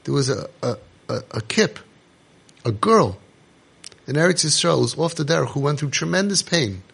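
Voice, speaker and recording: Man, passionate preacher type, gravelly and husky, slightly higher pitched. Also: normal speed. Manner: animated, preaching, rhetorical questions, Yiddish and Hebrew terms. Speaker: parenting organization speaker. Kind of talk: impassioned monologue.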